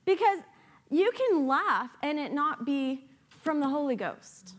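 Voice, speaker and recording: A woman with a high voice preaches a sermon with lots of energy. She moves between earnest urging and playful, sarcastic asides. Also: expressive, moderate pace, a bit bright. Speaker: guest preacher.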